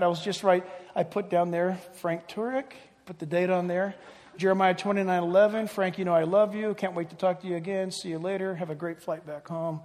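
An older male pastor preaching a sermon, passionate and emphatic, then dropping into quiet chatty asides. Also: high-pitched. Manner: impassioned, swinging from loud emphatic cries to quiet chatty asides. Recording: long reverb of a large hall.

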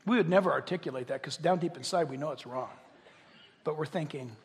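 An older man preaching a sermon, dropping to quiet intimacy and then rising to loud impassioned calls, acting out quoted voices with humor. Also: on the high side, fairly quick, big-room sound, slight background noise. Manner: acts out quoted voices, jokes with the crowd. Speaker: pastor.

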